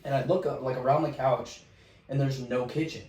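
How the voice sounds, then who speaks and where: A man tells a story loosely, sprinkling in slang as he goes. His pitch sits in the middle. He is set back from the mic in a room with a clear echo. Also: fairly even intonation, brisk, a little mellow. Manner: loose, says "dude" and "like" a lot. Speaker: podcast co-host. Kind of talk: casual chat, storytelling. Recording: roomy sound, distant from the mic.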